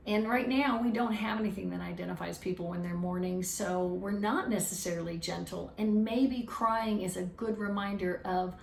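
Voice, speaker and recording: Woman, gravelly voice, reflective teaching talk, recorded distant in an echoey room with faint ambience. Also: mid-range voice, steady tone, normal speed, few pauses, a little hiss or hum. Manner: earnest, reflective, restarts phrases. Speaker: speaker on emotional wellbeing.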